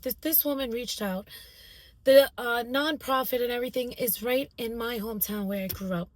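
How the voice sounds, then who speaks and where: A woman's voice: on the high side, normal speed. A middle-aged woman sharing a heartfelt personal testimony in a casual vlog, talking from a car. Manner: earnest, heartfelt, faith-filled storytelling. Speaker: vlogger. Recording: loud car road noise.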